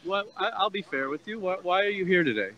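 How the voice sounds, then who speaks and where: A man's voice: high voice, expressive, fast talker, muffled recording. A man interviewing passersby on a university plaza as a street activist, asking persistent, probing questions and stumbling over repeated words.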